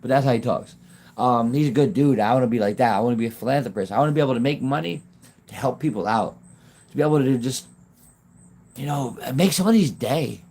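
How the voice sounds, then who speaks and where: This is a man talking off the cuff to viewers of his livestream on his phone. His speech rambles and halts, with many phrases left unfinished, and he laughs often. His voice sits at an ordinary pitch for a man. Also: fast talker, a little mellow. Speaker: YouTube livestreamer. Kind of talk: casual livestream chat.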